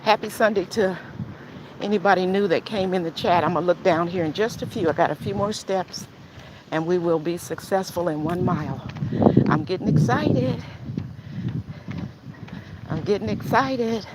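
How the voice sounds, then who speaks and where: Walking outdoors in a neighborhood, an older woman talks a little fast in a lowish voice while live-streaming to viewers. She's out of breath, chatting casually between heavy breaths and sighs, and outdoor noise can be heard behind her.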